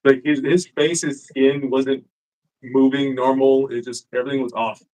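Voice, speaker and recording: A man's voice: medium pitch, normal speed, rough recording. A man telling a story as a guest in a casual chat, swearing freely and acting out what people said. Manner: profane, animated, acts out quotes. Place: live-streamed show.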